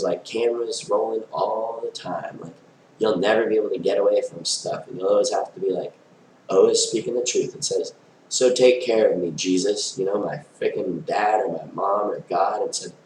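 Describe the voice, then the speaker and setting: A man's voice: lowish voice, echoey room, a little hiss or hum, poor audio. A man talking to camera in a rambling, stream-of-consciousness monologue, full of "like" and loose tangents. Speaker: vlogger.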